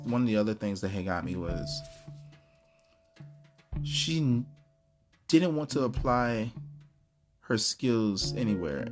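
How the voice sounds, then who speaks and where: A man hosting a podcast, talking casually in a blunt, profane rant. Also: mid-range voice. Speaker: podcast host. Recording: guitar music playing clearly behind.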